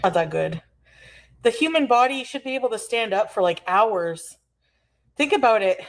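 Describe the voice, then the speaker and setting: A woman's voice: fairly high pitch, lively intonation, moderate pace. A woman in her forties chatting casually on a livestream, complaining and rambling. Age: 40s. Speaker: streamer in a reacted clip.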